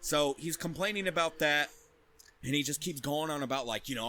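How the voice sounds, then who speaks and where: A young man co-hosting a podcast, telling a profane, animated anecdote in casual chat. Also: mid-range voice, brisk. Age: young adult. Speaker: podcast co-host. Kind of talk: casual storytelling.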